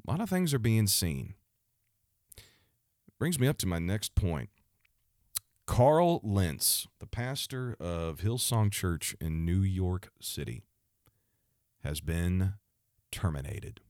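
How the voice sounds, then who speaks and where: A man delivering fervent, preachy commentary, repeating himself and building to loud outbursts. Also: low voice, big pitch swings, slow pace, pauses often, dry recording, studio quality. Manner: fervent, repetitive, with restarts and rising outbursts. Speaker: Christian commentator.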